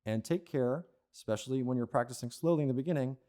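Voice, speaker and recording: Mellow-voiced man teaching a snare lesson. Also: mid-range voice, fast talker. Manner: patient, explanatory, says "okay?" and "right?" to check in. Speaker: percussion teacher. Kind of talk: instructional lesson.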